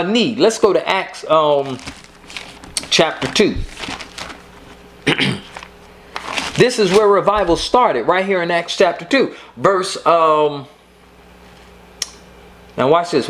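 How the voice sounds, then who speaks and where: Animated, emphatic male preacher. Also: high voice, takes it slowly, long pauses. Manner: emphatic, repeats key points. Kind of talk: sermon.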